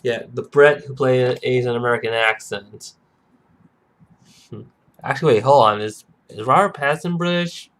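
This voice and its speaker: A man hosting a casual podcast, rambling and halting, with lots of "uh" and "and" between thoughts. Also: mid-range voice, a bit bright. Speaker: podcast host. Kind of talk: casual chat.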